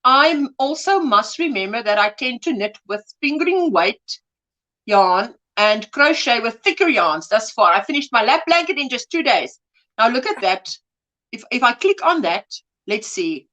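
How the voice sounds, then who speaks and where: A woman's voice: on the high side, sing-song, moderate pace, pushed and bright, poor audio. A woman co-hosting a casual crochet livestream, reading out viewer comments fondly and laughing often. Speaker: livestream co-host.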